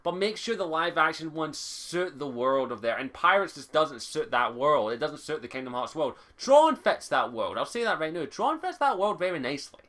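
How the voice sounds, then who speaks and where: A man's voice: on the high side, big pitch swings, moderate pace, few pauses, sharp tone. A young Scottish man giving an exasperated, sweary game review, repeating his complaints. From Scotland.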